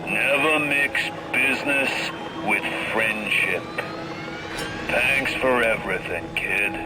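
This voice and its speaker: A man's voice: mid-range voice, slow, heavy background noise, close to an everyday voice. Frank Fontaine, a sneering New York con man voiced by an actor. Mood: gloating. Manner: gloating, drawling, menacing. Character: scheming male con-man crime boss, sneering. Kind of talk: video game voice acting.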